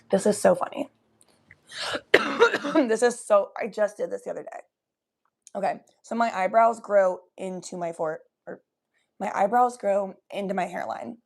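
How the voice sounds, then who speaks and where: A young woman hosting a casual livestream, chatting to viewers in a loose, giggly, profane way while high. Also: unhurried, vocal fry, pauses often. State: high from smoking weed. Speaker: livestream host. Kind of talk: casual chat reading viewer comments.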